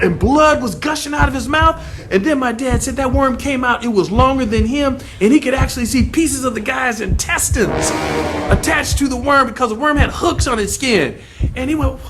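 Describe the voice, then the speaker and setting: Animated male storyteller, high and swooping, dramatic spooky delivery. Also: normal speed, faint music behind. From Compton, California. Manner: animated, dramatic, voicing every character. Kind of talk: oral storytelling of a spooky tale.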